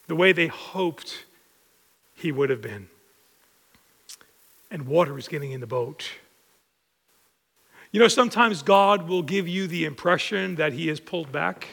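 A man's voice: fairly high pitch, vocal fry. Man preaching in a reverberant hall. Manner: animated, conversational preaching with rising emphasis. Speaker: pastor. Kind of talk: sermon. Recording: long reverb of a large hall.

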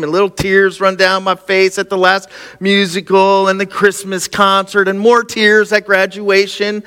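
Pastor, 40s, male; bright, slightly high voice; animated storytelling sermon in a big echoey hall. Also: smooth. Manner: personal storytelling, animated, laughing at himself. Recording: long hall reverb.

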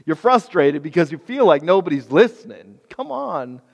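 A man delivering a sermon with a slightly high voice, swinging between raised, pleading bursts and soft, hushed stretches. His voice carries a long reverb, as if he is in a large hall. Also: big pitch swings, moderate pace, creaky. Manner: impassioned, builds to loud pleading then drops to near-whisper. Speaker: pastor.

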